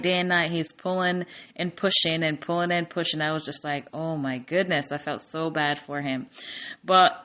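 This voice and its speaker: A woman's voice: deep voice, pushed and bright. A woman casually recapping a war movie's plot, chatty, with many fillers, restarts and emotional asides. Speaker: movie reviewer.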